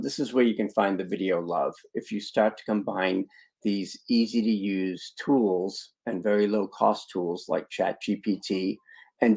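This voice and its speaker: A man's voice: lowish voice, creaky, dark tone, breathy edge. Upbeat man presenting a live webinar. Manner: chatty, with asides to attendees. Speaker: online video marketing trainer. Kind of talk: live webinar training, screen-share demo.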